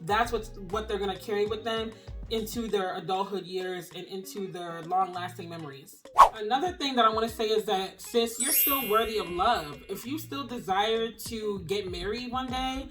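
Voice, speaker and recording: A woman's voice: mid-range voice, normal speed. A young single-mom vlogger talks straight to camera, earnest and openly emotional. Her phrasing is casual and encouraging, and faint music plays underneath her voice. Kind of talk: heartfelt encouraging talk to camera.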